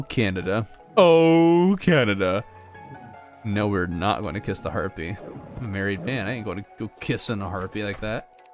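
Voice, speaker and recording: An American man streaming a video game and chatting casually, joking with viewers and reading their comments aloud. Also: lowish voice. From United States. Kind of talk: casual gaming livestream chat. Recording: music playing underneath.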